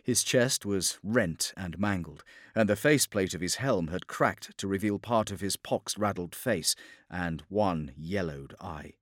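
A man narrating a war story as a scripted audiobook, in a steady, dramatic storytelling delivery. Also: low-pitched, unhurried, dry recording, clean studio sound.

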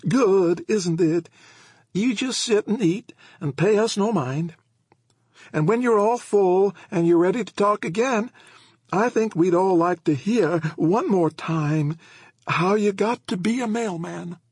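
A man's voice: high-pitched, takes it slowly, darkish tone, husky, dry recording, studio quality, pitched above the performer's own voice, heavily acted. A man voicing a chatty, eager old woman who rattles on with fond memories in an audiobook.

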